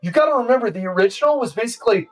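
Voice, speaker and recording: A man's voice: extremely high pitch, animated, very fast. A man in his forties streaming, ranting casually in a profane, sarcastic way. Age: 40s. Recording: distant mic with faint music.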